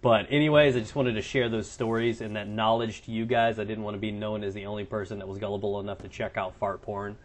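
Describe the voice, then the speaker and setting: A man's voice: on the low side, little pitch movement, fast talker, few pauses. A young man doing casual gameplay commentary, telling crude stories in a joking, rambling way and swearing a lot. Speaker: gaming commentator and streamer.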